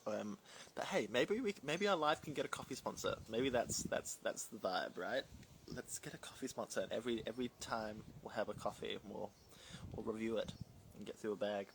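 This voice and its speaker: A man's voice: lowish voice, animated, brisk, vocal fry, noisy background. A man hosting a casual phone livestream from home, rambling and reading viewer comments aloud. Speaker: livestream host. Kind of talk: casual live-stream chat.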